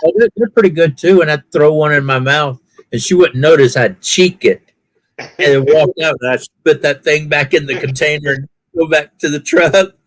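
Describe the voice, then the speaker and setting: A man's voice: on the high side, moderate pace, poor audio. A man chatting casually, telling folksy stories and acting out the people in them with raised voices. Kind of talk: casual storytelling chat.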